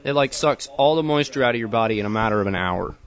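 A young man from the Southern US chats casually as a podcast co-host, rambling from one subject to the next with plenty of jokes. His voice sits in an ordinary middle pitch. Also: lively intonation, fast. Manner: joking, rambling, laughs often. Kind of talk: casual chat.

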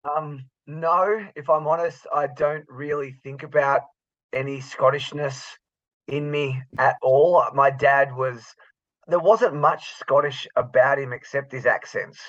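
A man's voice: mid-range voice, steady tone, measured pace, a bit bright, no room sound. Man, Australian accent, co-host, sarcastic, exaggerating jokes, slightly muffled call audio. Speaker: podcast co-host. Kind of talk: casual chat. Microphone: remote call.

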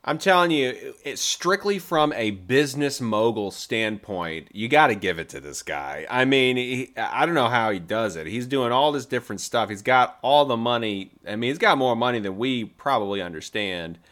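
A man hosting a casual trailer-review chat, his pitch bouncing up and down with real animation. He talks emphatically, stacking restarts and asides as he makes his point. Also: moderate pace, hardly any pauses. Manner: emphatic, repeats himself, lively asides. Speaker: podcast co-host reviewing trailers.

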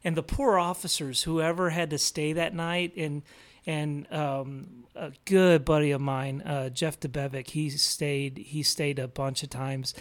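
Rambling man telling a story, slightly high. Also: little pitch movement, unhurried. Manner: rambling, filler-heavy, self-deprecating, drops to a hush when retelling quiet moments. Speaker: guest, police officer recounting his recovery. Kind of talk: casual storytelling in conversation.

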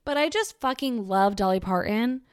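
A woman's voice: a little high, expressive, moderate pace, smooth, no echo, clean studio sound. A young woman talking casually and gushingly in a podcast monologue, full of fillers and restarts.

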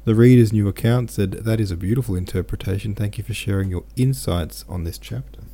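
A man with a deep, gravelly voice reads a novel chapter aloud for his podcast. His tone is dark and mellow, and he slips into easy, chatty asides between passages. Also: a little fast. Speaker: podcast host and reader. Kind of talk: audiobook reading with listener comments.

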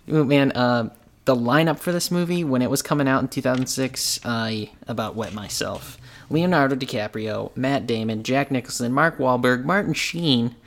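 Brief: male podcast host, mid-pitched voice, eager and opinionated, loose chat. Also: normal speed. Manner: enthusiastic, opinionated, casual. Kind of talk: casual chat.

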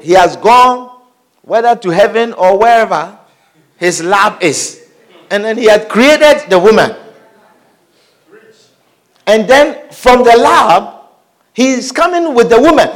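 A man preaching a sermon in an animated way, calling out hallelujah and amen and asking the congregation questions. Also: high-pitched.

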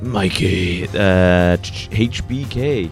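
A man's voice: low-pitched, extremely slow, vocal fry, soft background music. A man co-hosting a podcast, bantering crudely and laughing in casual chat. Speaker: podcast co-host.

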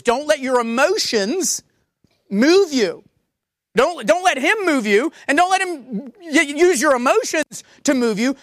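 A woman pastor delivers a sermon, pressing her points by repeating them again and again. Her voice sits a little high and swings widely in pitch. The sound is dry and close, with no room echo. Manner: emphatic, repeats key phrases for force.

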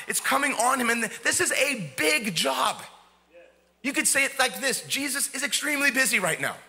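A man's voice: very high-pitched, bright, forceful tone. A male pastor preaching a sermon in an emphatic way, asking the crowd rhetorical questions and often repeating words.

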